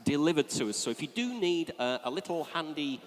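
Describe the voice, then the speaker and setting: A man calling bids as an auctioneer in a sale room, with brisk, coaxing, repetitive patter. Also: fairly high pitch, expressive. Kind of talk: live auction bid calling. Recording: long reverb of a large hall.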